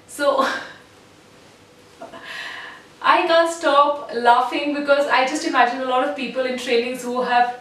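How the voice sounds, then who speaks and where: Woman voice coach in an echoey room. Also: a bit bright. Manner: demonstrative, shifts between deep and high nasal voices. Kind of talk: vocal exercise lesson. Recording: echoey room from a distance, faint noise.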